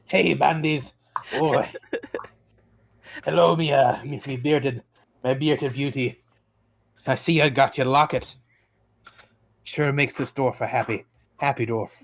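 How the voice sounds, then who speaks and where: A man's voice: mid-range voice, steady tone, slow pace, vocal fry, pauses often. A man voicing a boisterous, flirtatious male dwarf in a tabletop game. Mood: hearty.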